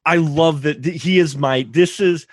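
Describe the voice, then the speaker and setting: A man's voice: a little high, measured pace, no echo, clean studio sound. A man co-hosting a casual movie podcast, enthusiastic and rambling. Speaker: podcast co-host. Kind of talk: casual movie review chat.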